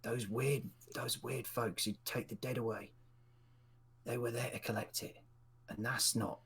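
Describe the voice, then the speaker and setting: Brief: male actor as a wheedling informant, conspiratorial and low. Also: moderate pace. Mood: uneasy. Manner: conspiratorial, folksy. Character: shifty male informant, wheedling dockside gossip.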